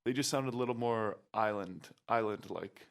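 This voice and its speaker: Laid-back young man, lowish voice. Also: normal speed. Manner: hesitant, loose, many fillers and restarts. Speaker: guest, pro volleyball player. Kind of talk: casual podcast chat.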